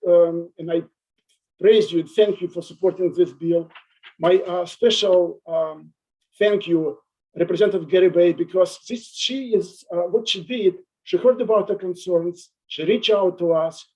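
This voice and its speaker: Emotional halting man testifying. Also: high voice, warm tone, lo-fi sound. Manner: halting, many restarts, emotional. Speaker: adult day center owner testifying. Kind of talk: public hearing testimony.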